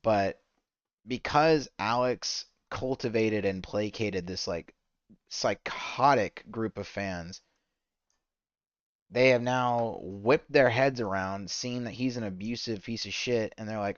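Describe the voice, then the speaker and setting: A man's voice: lowish voice, slow, no room sound, muffled recording. A man giving profane, exasperated reaction commentary while playing a game. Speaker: streamer reacting to a video.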